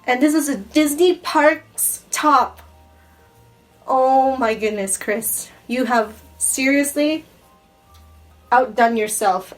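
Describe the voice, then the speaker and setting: A woman unboxing gifts in a casual vlog, gushing and excitable, often breathless with delight. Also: sits high, low-quality recording. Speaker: YouTuber unboxing a gift box. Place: home in Japan.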